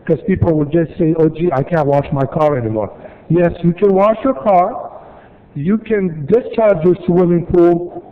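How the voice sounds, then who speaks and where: A man from city staff presenting at a council meeting, explaining rules step by step with repeated points and dry asides. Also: sits high. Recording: tinny, phone-like archive audio.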